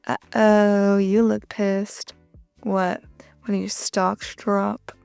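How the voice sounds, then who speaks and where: A woman's voice: mid-range voice, flat delivery, extremely slow, vocal fry, a little mellow, clear, resonant tone, no room sound, faint music behind. A woman voicing a bored, sassy young female demon who teases in a flippant way. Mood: mocking. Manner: flippant and mocking.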